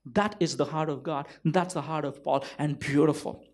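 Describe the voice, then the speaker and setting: High-voiced preacher. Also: male voice, steady tone, moderate pace. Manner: emphatic, full of rhetorical questions to the congregation; peppers speech with "you know" and "right?". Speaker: pastor. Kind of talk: sermon.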